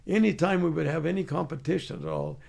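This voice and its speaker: A man's voice: fairly high pitch, wildly swooping pitch, fast, gravelly, darkish tone. An older man, an army veteran, telling plainspoken stories in an interview and laughing along. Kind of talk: storytelling interview.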